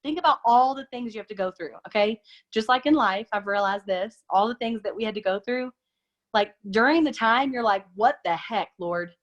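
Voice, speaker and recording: A woman hosting a casual chat, talking fast and acting out quoted lines in big, high voices. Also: animated, lo-fi sound. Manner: chatty, acts out quoted lines with big pitch jumps. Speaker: host. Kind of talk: casual chat on a video call.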